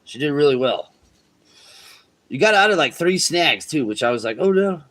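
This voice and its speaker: Laid-back cursing fishing streamer. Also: male voice, medium pitch, sing-song, normal speed, bright, forceful tone. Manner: laid-back, swears freely, talks to chat. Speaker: fishing livestream host. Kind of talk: casual livestream chat. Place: outdoors on a riverbank.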